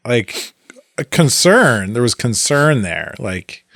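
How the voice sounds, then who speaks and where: Male podcast co-host, calm and measured, mid pitch, dry sound. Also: dry recording. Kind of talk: casual film review chat.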